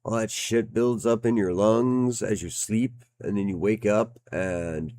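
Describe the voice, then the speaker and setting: Slightly breathless, this streaming game reviewer talks through his play casually, cursing occasionally and reading on-screen game text out loud. His voice sits lowish, with a darkish tone and a slightly slow pace.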